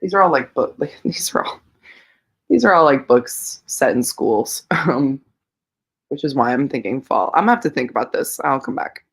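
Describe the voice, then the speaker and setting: A woman's voice: a bass voice, expressive, normal speed, husky. A woman hosting a casual livestream, rambling and thinking aloud with lots of fillers as she answers viewers. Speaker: livestream host reading viewer comments.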